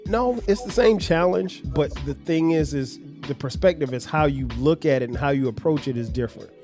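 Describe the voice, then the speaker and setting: A man's voice: on the high side, normal speed, dark tone, soft background music. A middle-aged man hosting a podcast, talking earnestly as a father about raising his children, with frequent restarts. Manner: earnest, storytelling with acted examples, many restarts. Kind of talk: reflective family conversation.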